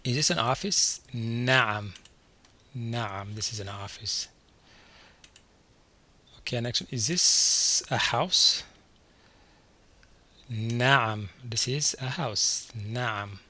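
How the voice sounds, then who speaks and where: A man teaching a beginner vocabulary lesson from slides, saying each word twice and slowly before asking what it means. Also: mid-range voice, pushed and bright. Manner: repeats each word slowly, then quizzes the listener. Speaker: language teacher.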